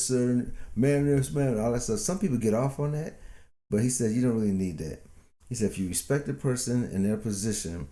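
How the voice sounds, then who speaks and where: A man's voice: medium pitch, dark tone. A man in his fifties, a podcast co-host telling a story in a laid-back, chuckling way. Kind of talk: casual storytelling chat.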